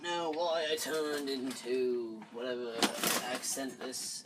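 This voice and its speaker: A man's voice: mid-range voice, slow pace, very noisy. A man chatting casually while unboxing off camera, rambling and muttering to himself as he fumbles, recorded by a camera on a tripod. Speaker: unboxing vlogger.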